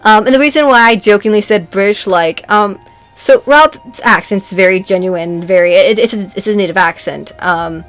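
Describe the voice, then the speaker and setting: A woman's voice: mid-range voice, normal speed, a bit bright, faint music behind. An American woman hosting a casual chat, rambling and self-deprecating, with lots of fillers. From United States. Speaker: host.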